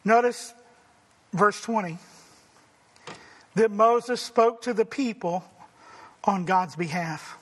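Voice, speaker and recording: A man preaching a sermon, emphatic and rising to forceful declarations. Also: sits high, slow, long pauses, in a large hall. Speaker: pastor.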